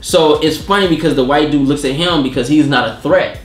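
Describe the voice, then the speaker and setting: A man hosting a casual TV review chat, talking animatedly and acting out scenes in quick put-on voices. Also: fairly high pitch, reverberant. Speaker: show host.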